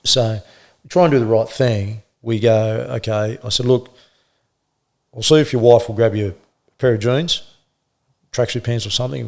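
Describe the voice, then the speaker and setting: A middle-aged Australian man, a former police officer, telling animated stories in casual conversation and acting out the people he quotes. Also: fairly low pitch, creaky. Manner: animated anecdotes, acts out quoted voices, laughs often. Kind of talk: casual storytelling.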